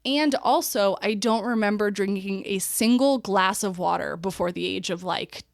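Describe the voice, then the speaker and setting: A middle-aged woman hosts a podcast in a loose, frank way and curses without a second thought. Her voice is close and dry, with no room sound around it. Her pitch sits in an ordinary middle range. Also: moderate pace, creaky, dry recording. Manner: frank and swears freely. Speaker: podcast host. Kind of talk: casual chat.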